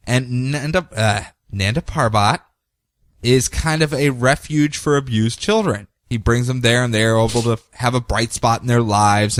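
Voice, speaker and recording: Lively man recapping comics on a podcast. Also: mid-range voice, no room sound, studio quality. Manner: animated, acts out characters' lines in quick voices. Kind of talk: casual chat.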